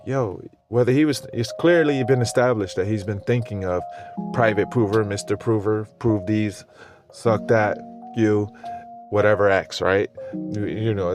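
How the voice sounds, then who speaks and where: A man with a lowish voice rambles through a crypto rant, swearing freely and restarting his thoughts often. He sounds worn out and foggy, and a music bed plays clearly under his voice. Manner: profane, slangy and meandering, with many restarts. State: tired, with brain fog. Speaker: crypto commentator. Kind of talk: rambling monologue.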